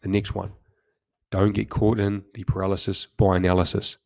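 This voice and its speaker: A man's voice: sits low, little pitch movement, normal speed, creaky, a little mellow, dry recording. A man hosting a podcast, delivering a motivational monologue in direct, punchy commands, often stumbling and repeating words as he goes. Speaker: podcast host.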